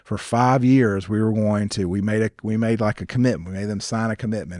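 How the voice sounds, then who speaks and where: Earnest low-voiced man telling stories. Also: brisk, hardly any pauses, no echo, studio quality. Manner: earnest, animated, frequent restarts and laughs. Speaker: ministry founder, podcast guest. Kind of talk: conversational storytelling interview.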